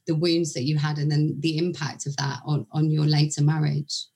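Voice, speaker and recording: A British woman hosts a podcast interview in a casual, chatty way. Her voice sits a little low for a woman. She asks long, winding questions. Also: level tone, warm tone. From United Kingdom. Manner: chatty, quick to laugh along. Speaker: podcast host.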